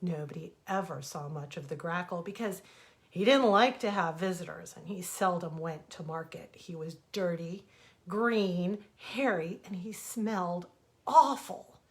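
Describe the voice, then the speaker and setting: A woman author reading her own fables aloud as bedtime stories, gentle and expressive, into a webcam. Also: fairly low pitch, unhurried.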